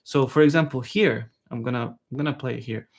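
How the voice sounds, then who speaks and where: Man, saxophone teacher, live lesson, chatty, sings example phrases, mid pitch. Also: a little fast. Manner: relaxed and chatty, checks in with "okay?" and sings the phrases.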